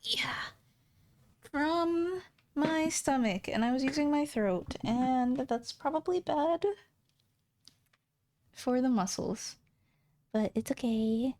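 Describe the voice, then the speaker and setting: A woman's voice: high voice, expressive, a little mellow. A young woman streaming a visual novel, chatting casually in a bubbly, giggly way. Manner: bubbly, giggly, drawn-out playful exclamations. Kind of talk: casual chat while playing a visual novel.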